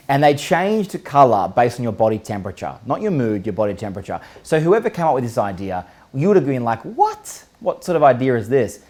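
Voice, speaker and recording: An upbeat man hosts a live show and runs through a countdown with plenty of banter. He keeps tossing questions at his audience and teasing a co-host. His pitch sits right in the ordinary middle for a man. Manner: energetic, jokey countdown, rhetorical questions, occasional swearing. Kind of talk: live online show, casual chat.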